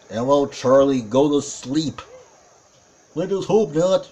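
A man calling a tag team wrestling match play by play, excitable, with frequent exclamations and self-corrections. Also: on the high side, slow pace, long pauses, husky. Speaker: wrestling commentator. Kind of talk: play-by-play commentary.

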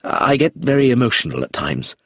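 A husky-voiced man reading an audiobook, voicing an emotional, hot-tempered middle-aged man who breaks into agitated outbursts. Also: mid-range voice, sing-song, fairly quick, no echo, studio quality, pitched above the performer's own voice. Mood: remorseful. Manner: bursts into agitated, rising outbursts.

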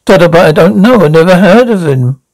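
A man voicing an eccentric, fussy older male time traveller who sounds flustered and jumps up in pitch. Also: animated, fairly quick, darkish tone, no room sound, poor audio.

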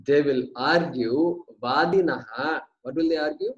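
Man teaching verses in class, pitched somewhat high. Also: normal speed, hardly any pauses, highs cut off. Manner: breaks Sanskrit terms down word by word, repeating them; asks questions and answers them himself. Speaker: scripture teacher.

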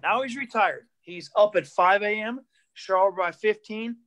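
A male stand-up comedian telling animated stories on a video call, repeating himself and acting out voices. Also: high-pitched, measured pace. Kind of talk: comedic storytelling on a live online show.

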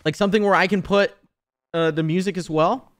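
A man's voice: high voice, fairly even intonation, brisk, a bit bright. A man in his twenties streaming a game, chatting casually with lots of profanity, teasing and laughter. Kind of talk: casual live-stream chat while gaming.

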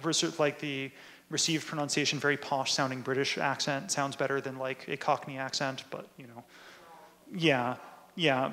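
A man's voice: medium pitch, a bit bright. A man, a linguist presenter, answering audience questions at a talk in a casual way, often saying "like" and "right?". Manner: casual, many "like" and "right?" tags.

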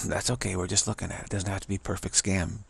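A man's voice: low-pitched, level tone, fast talker, creaky, breathy edge. A man giving a casual spiritual teaching talk, musing and earnest, repeating phrases for emphasis.

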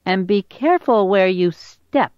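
A woman's voice: medium pitch, expressive, unhurried, muffled recording, a little hiss or hum, voice pushed up, close to an everyday voice. A woman voicing a cheeky, bossy little sister aardvark in a storybook reading, teasing and know-it-all.

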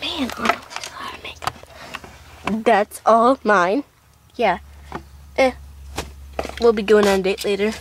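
A woman's voice: medium pitch, a little slow, long pauses, slight background noise. A woman making a doll show, doing every character in playful switching voices, recorded at home. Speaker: doll video maker voicing all characters.

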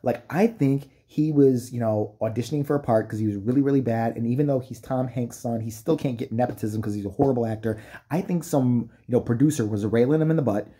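Dark, husky-voiced man ranting profanely. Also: medium pitch, quick pace. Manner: profane, mocking, does exaggerated impressions. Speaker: comedic commentator. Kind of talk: ranting comedic commentary.

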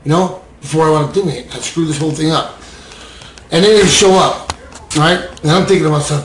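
High-voiced man telling a recovery story. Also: a little fast, echoey room, slight background noise, poor audio. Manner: animated storyteller, laughing often, acting out his inner voices. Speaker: recovery speaker. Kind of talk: candid talk about addiction recovery to an audience.

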